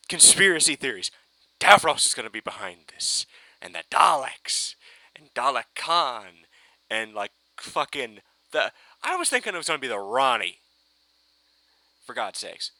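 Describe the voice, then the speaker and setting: A man ranting giddily in a fan reaction video, swearing and breaking into excited shouts. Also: mid-range voice, dry recording. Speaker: fan reviewer.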